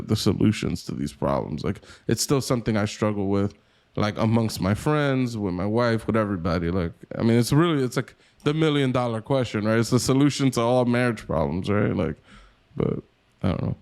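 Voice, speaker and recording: A man co-hosting a casual podcast, his voice a little low. He thinks out loud and circles back on himself, with lots of restarts and fillers. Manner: rambling, many fillers and restarts, self-questioning. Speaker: podcast co-host. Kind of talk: casual chat.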